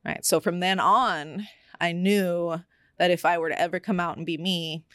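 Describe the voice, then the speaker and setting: Young woman, low pitch, podcast co-host; candid, confessional storytelling, loose and full of fillers. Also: steady tone, normal speed, fairly bright tone, clean tone, no echo, studio quality. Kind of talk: personal storytelling in casual chat.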